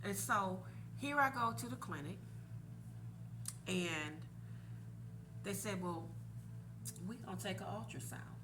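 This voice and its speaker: Podcast host, woman in her 40s, lively swooping delivery, slow-paced, candid storyteller. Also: medium pitch, noisy background. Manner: animated, laughing while telling a painful story.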